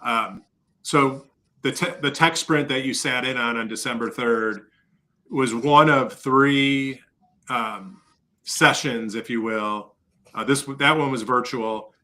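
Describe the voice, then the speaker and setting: A male podcast guest laying out plans and numbers in an easy, upbeat, step-by-step way. His voice sits at an average pitch with a bright, pushy edge to it. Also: slow, rough recording. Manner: explains step by step, lively and upbeat. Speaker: podcast guest, industry leader. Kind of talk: casual explanatory chat.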